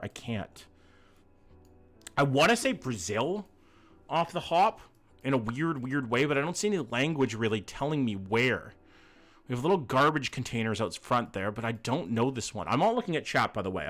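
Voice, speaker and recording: A young man streaming a guessing game, chatty and thinking aloud as he talks to his chat, swearing casually. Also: mid-range voice. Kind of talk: live-stream commentary with chat.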